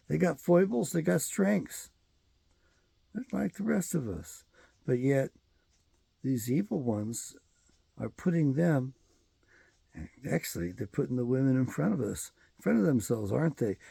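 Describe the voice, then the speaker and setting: A man's voice: mid-range voice, creaky, mellow, husky, dry recording. A man hosting his own show, delivering a rambling, profane and emphatic solo commentary monologue. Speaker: show host.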